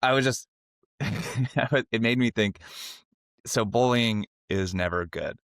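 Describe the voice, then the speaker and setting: A man's voice: slow, no room sound, clean studio sound. A man co-hosting a podcast, telling a story in casual chat, laughing often and acting out others' lines. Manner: animated storyteller, acts out quotes in high voices, laughs often. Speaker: podcast co-host.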